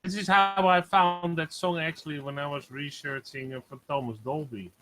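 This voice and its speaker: A man in a casual online hangout chat, talking haltingly with many fillers. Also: on the high side, steady tone, a bit bright, rough recording. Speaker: hangout participant.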